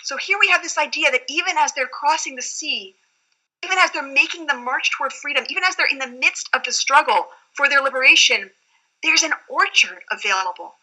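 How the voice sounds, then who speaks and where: A woman's voice: high-pitched, brisk, sharp tone, low-quality recording. A woman rabbi explaining scripture in an earnest, reflective teaching tone during a study conversation.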